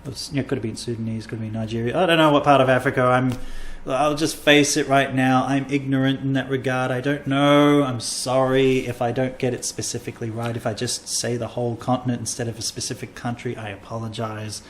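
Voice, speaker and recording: A man's voice: medium pitch, little pitch movement, brisk, few pauses. A man hosting a casual comedy podcast, rambling and self-mocking as he tells a travel story. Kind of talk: casual chat.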